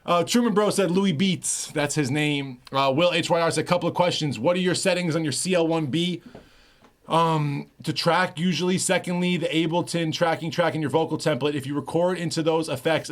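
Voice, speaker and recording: A man's voice: fairly high pitch, steady tone, normal speed. A man who produces music, chatting casually on a livestream, swearing freely as he reads and answers viewers' messages.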